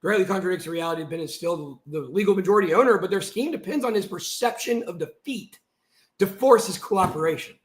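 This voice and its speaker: High-pitched guy on a live stream, reads stuff out then yells, room echoes a lot. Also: a little fast. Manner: heated, swings between reading aloud and shouting. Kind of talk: livestream monologue reading out a document.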